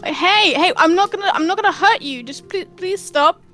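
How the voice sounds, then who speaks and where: A player voices a protective young woman adventurer, high-pitched and pleading as she reassures a stranger. Her tone stays earnest throughout, with faint music in the background. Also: animated, unhurried, fairly bright tone, exaggerated voice.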